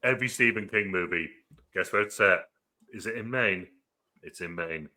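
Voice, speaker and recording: A man co-hosting a casual review chat, riffing with quick rhetorical questions. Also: low-pitched, bright, forceful tone. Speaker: podcast co-host.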